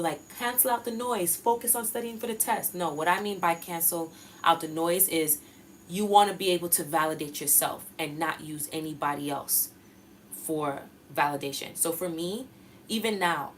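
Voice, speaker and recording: A woman's voice: on the low side, fairly bright tone, slight background noise. A young woman talking casually and slangily to her followers, giving motivational self-help advice. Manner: casual, slangy, addresses viewers as y'all.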